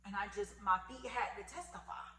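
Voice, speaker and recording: Young woman, vlogger, emphatic testimony delivery; bright tone, roomy echo. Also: medium pitch, brisk. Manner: animated, emphatic, repeats phrases for effect. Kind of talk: emotional testimony vlog. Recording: echoey room with faint hum.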